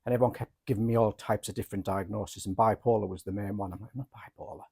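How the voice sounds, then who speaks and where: A man's voice: on the low side, fairly even intonation, fast talker, vocal fry, warm tone, breathy edge. A man who works as a therapist, co-hosting a podcast and telling frank, jokey stories about himself. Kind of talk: candid casual chat.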